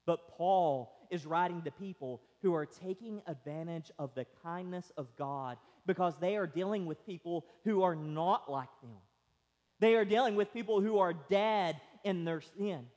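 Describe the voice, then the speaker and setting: A man with a high voice preaches slowly and emphatically, swinging from loud stresses to near-quiet asides. The sermon rings through a church hall with a long trailing reverb. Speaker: pastor.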